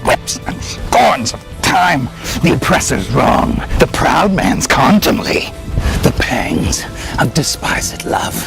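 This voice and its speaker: A man reciting as a brooding tragic prince who ponders death, in a loud classical stage declamation. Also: mid-range voice, big pitch swings, takes it slowly, gravelly, over music, voice pushed up, full character voice. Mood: intense.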